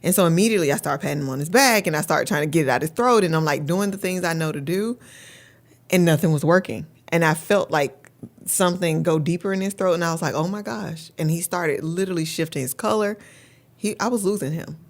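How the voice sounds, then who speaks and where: A woman's voice: on the low side, quick pace. A woman, a parent coach and educator, speaking as a guest and telling personal stories in an earnest way. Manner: earnest, often says "literally". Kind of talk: personal storytelling in an interview.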